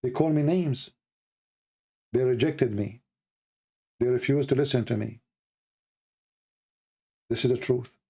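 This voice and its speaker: A man hosting a livestream in non-native, broken English, talking emphatically with lots of "you know" and repeated words, and rising higher and more heated when he mocks his critics. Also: a little slow, pauses often, warm tone, husky. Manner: emphatic, grows heated and high-pitched when mocking critics. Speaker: livestream host. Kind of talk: casual spoken monologue.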